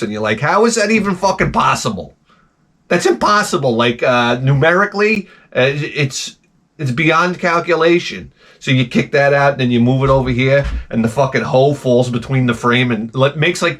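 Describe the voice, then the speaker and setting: A man hosting a video, telling stories in a casual, profane, exasperated rant and jumping into exaggerated voices. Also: medium pitch. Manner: acts out voices in exaggerated bursts. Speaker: video host. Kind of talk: casual ranting monologue.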